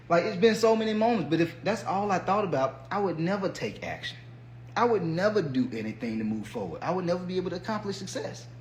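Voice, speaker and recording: A man hosts a podcast, giving a blunt, profane, colloquial motivational monologue as a fitness coach. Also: high-pitched. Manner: blunt, profane, colloquial, acts out inner voices. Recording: roomy echo with faint hum.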